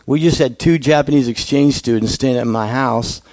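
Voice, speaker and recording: A man's voice: mid-range voice, moderate pace, a little mellow, no echo. A male pastor giving a conversational sermon, asking the congregation questions.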